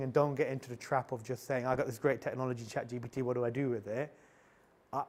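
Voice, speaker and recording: Candid man giving a meetup tech talk. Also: medium pitch. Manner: candid, anecdotal, frequent restarts and repeated words. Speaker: conference speaker.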